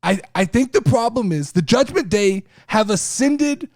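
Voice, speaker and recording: A man hosting a casual wrestling talk show, speaking in an animated, profane way. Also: high voice, unhurried, no echo, clean studio sound. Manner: animated, profane, mimics people he talks about. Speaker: podcast host.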